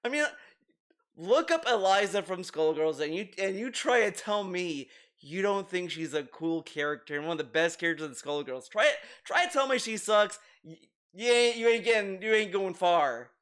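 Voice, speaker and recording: A man with a notably high voice talks through a reaction commentary in a loose, casual way. He swears freely, doubles back on his words and restarts sentences mid-thought. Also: animated, normal speed, a bit bright, smooth. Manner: rambling, profane, repeats words and restarts often. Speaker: commentary video host.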